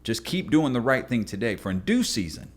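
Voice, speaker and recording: A man's voice: very animated, fairly quick. A man, a pastor and podcast guest, telling a personal story in an earnest, emphatic way. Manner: acts out other people with jumps to high squeaky voices.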